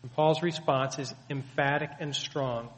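A man's voice: mid-range voice, fairly even intonation, a little slow, fairly bright tone. A man preaching a sermon, teaching earnestly and emphatically with many rhetorical questions. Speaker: pastor. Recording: long hall reverb.

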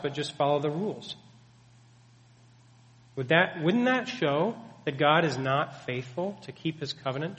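A man's voice: a little high, fairly bright tone. A man preaching a sermon, teaching earnestly and emphatically with many rhetorical questions. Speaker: pastor. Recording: long hall reverb.

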